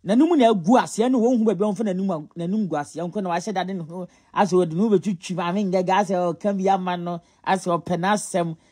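A man's voice: high voice, fast talker, few pauses, darkish tone, slightly rough. A Ghanaian man giving casual gossip commentary, mocking and scolding as he mixes Twi and English. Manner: scolding, mocking, often laughing.

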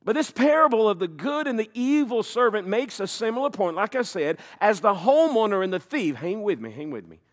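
Animated man preaching a sermon. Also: high voice. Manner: animated preaching, slows for emphasis, occasional laughs. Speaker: pastor.

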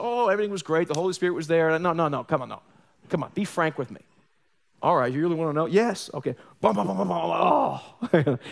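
Animated pastor preaching a live sermon. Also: male voice, sits high. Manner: animated storytelling with joking asides and acted quotes. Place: church sanctuary.

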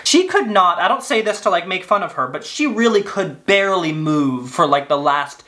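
A man in his late twenties with a bright, crisp voice talks straight to camera from his living room. He is grieving and wry, undercutting his sadness with self-mocking asides before sinking back into earnest feeling. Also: high-pitched, lively intonation, moderate pace. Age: late 20s. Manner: wry, self-deprecating, drifting into earnest grief. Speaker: vlogger. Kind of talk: confessional monologue to camera.

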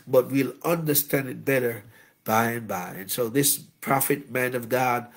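A man preaches a Bible study as a bishop. His voice is gravelly and creaky. He speaks with humor and punctuates his points with amens and praise. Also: medium pitch. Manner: animated preaching with frequent amens and praise interjections; humorous, anecdotal. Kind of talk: sermon.

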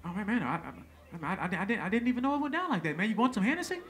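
A man imitating an excited, fawning male concert promoter who stammers and gushes. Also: sits high, very fast. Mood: flustered. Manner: stammering, gushing.

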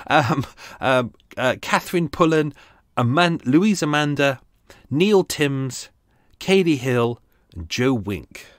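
A man's voice: medium pitch, animated, takes it slowly. Chatty British man hosting a podcast. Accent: British English. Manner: chatty, self-mocking, rambling asides. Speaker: podcast host. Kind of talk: casual chat. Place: home studio.

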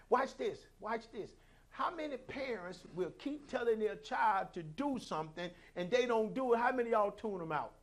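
High-voiced preaching man. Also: animated, normal speed. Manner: preaching with call-outs, acting out quoted voices. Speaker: pastor. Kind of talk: sermon.

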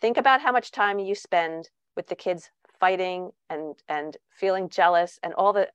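A woman's voice: lowish voice, moderate pace, clear, resonant tone, no room sound, muffled recording. A woman author speaking in an online talk, giving parenting advice with frequent restarts.

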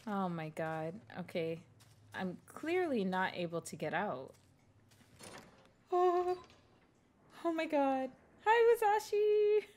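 A woman's voice: medium pitch, fairly bright tone. A young woman streaming a horror game live, scared and jumpy, whispering and then exclaiming as she plays and thanks her viewers.

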